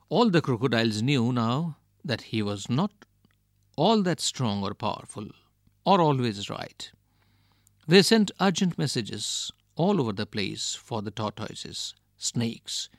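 Male storybook reader, expressive, gravelly, dry close sound. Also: no room sound. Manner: expressive, with swings in pitch and volume. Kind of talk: reading a children's storybook aloud.

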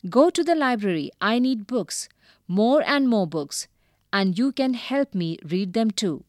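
A woman voicing a tiny, loud, bossy male elf in a storybook, with a squeaky, shrieking voice. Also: very animated, slow pace, no room sound, clean studio sound. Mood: shouting. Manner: demanding and shouty.

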